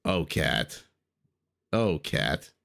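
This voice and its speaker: His voice is extremely low and extremely slow, with big pitch swings, vocal fry, and a bit of brightness. This man is an esports caster doing live strategy game commentary and casual stream chat, playful and chatty, teasing himself and coughing along the way.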